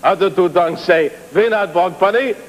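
A man's voice: sits high, normal speed, close to an everyday voice, poor audio. A man playing a middle-aged Hungarian host of a children's TV show who plugs his wine, talking in broken English with muttered asides. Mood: jolly. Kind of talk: 1950s live TV sketch comedy.

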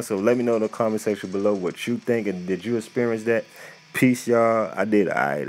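A man's voice: lowish voice, brisk, darkish tone. A man giving loose, rambling, casual commentary over gameplay for his channel. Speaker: gaming YouTuber.

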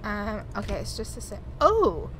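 A woman's voice: medium pitch, moderate pace. A young woman commenting on a horror game, talking to herself with jumpy, frightened exclamations into a desk microphone at home. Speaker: gaming YouTuber. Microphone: desk USB microphone. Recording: steady background noise.

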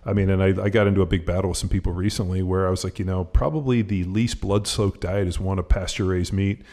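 Guy co-hosting a podcast, kinda low voice, loose and sweary, lots of uh and like. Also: steady tone, fast, mellow. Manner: rambling, swears a lot, many fillers. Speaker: podcast co-host. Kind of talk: casual podcast chat.

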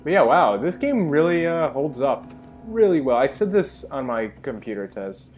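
A man's voice: medium pitch, big pitch swings, moderate pace, darkish tone, soft background music. A young man giving enthusiastic, rambling commentary while playing a game. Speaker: gaming channel host. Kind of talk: let's play commentary.

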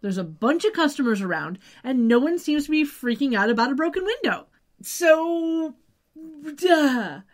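A woman's voice: high-pitched, very animated, quick pace, few pauses. Wry chatty woman recapping an episode. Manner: chatty, wry asides, trails off with "just saying". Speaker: podcast co-host. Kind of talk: casual episode recap chat.

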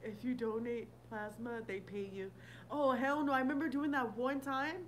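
Woman streamer, casual and foul-mouthed, reacting to chat, a bit higher-pitched, faint noise behind. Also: fairly even intonation, moderate pace, rough recording. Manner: blunt, profane, laughing often; reads and answers viewer comments. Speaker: livestream host.

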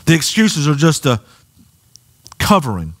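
A pastor with a Southern US accent preaching a sermon in a church, animated and rising to near shouts. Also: male voice, a little high, measured pace. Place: church sanctuary.

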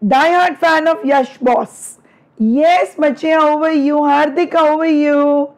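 During a live online class, a middle-aged Indian English-accented teacher talks affectionately with her students and teases them. Her high voice is slow and a little mellow with fairly even intonation, and lecturing has left her throat slightly strained.

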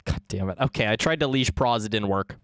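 A man's voice: lowish voice, brisk, no room sound. A man streaming a video game, chatting casually with friends in a joking, teasing way and swearing freely. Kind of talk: casual gaming chat.

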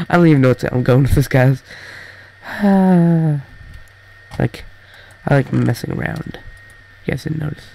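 A man's voice: on the high side, creaky, mellow, low-quality recording. Rambling teen boy gamer. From Canada. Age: teenager. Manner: rambling, halting, many fillers and restarts. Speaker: gaming YouTuber. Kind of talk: casual gameplay chatter.

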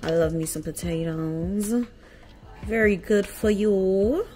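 A woman's voice: medium pitch, slow pace, a little mellow, slight background noise. A woman vlogging a story from home, ranting in a heated, profane way. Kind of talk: storytime vlog. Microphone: camera.

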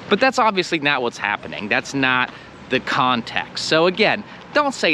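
A man's voice: fairly high pitch, very animated, moderate pace, bright, forceful tone, slight background noise. An American man teaching English in a casual video lesson, playful and fond of acting out little scenes.

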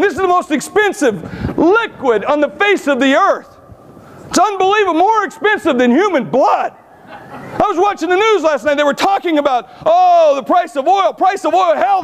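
A man's voice: very high voice, fairly bright tone. A man giving a conference keynote, telling blunt, brash stories with humor. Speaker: keynote speaker. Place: conference stage.

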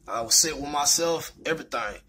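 A man's voice: fairly high pitch, lively intonation, a little fast, bright, forceful tone, a little hiss or hum. A young man telling a personal story in a candid, rambling way, full of fillers. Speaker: vlogger.

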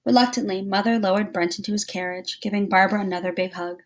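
A woman teacher reading a novel aloud to a class, with steady storytelling. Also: mid-range voice, fast.

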